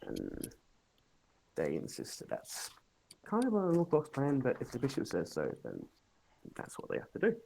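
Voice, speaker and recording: A man narrating a tabletop game as game master, in a relaxed, hedging way full of "sort of". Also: mid-range voice, moderate pace, gravelly, pauses often, slight background noise.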